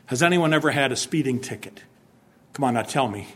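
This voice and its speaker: A man's voice: mid-range voice, expressive, a little fast, fairly bright tone, slightly rough. A man preaching a sermon in church. He asks the congregation questions and acts out stern warnings to drive his point home. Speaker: pastor.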